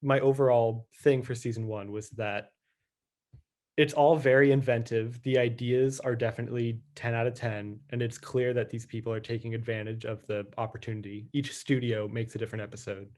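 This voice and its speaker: A man co-hosting a podcast in casual chat, with a deadpan, teasing way of questioning. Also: medium pitch, fairly quick. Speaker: podcast co-host.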